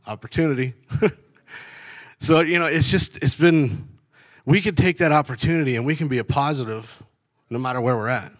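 A man's voice: fairly high pitch, normal speed, fairly bright tone. A middle-aged man with a blunt, laughing storytelling manner, giving a casual faith testimony about life as a truck driver. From Canada.

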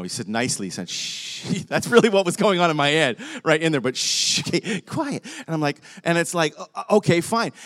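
A man's voice: mid-range voice, fairly bright tone. An older man, a pastor preaching a sermon, tells a personal story with animation, acting out both sides of a conversation and laughing along the way.

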